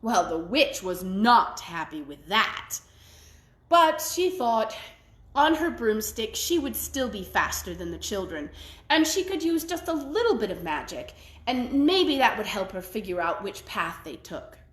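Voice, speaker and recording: A woman storyteller telling a traditional tale in an expressive, folksy way. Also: mid-range voice, unhurried, echoey room. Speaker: library storyteller. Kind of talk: oral storytelling.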